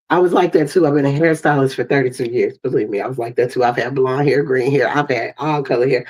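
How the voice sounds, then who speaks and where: A woman in her fifties with an African American English accent, hosting a livestream and telling stories in an animated way, acting out the dialogue. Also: low voice, fairly quick. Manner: animated storytelling, acts out dialogue. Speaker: livestream host. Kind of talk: casual livestream monologue. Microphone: streaming setup mic.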